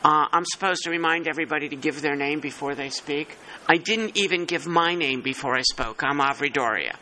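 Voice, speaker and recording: A man's voice: fairly high pitch, brisk, bright, forceful tone, a little hiss or hum, poor audio. A man chairing a working-group meeting, thinking aloud and poking fun at himself. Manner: thinking aloud, self-deprecating.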